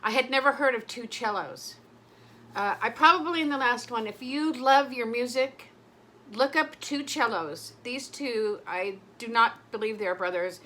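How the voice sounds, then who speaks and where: A woman's voice: fairly high pitch, measured pace, bright, forceful tone. A middle-aged woman vlogging in casual chat, rambling and emotional, often breaking off mid-sentence. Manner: rambling, emotional, self-interrupting.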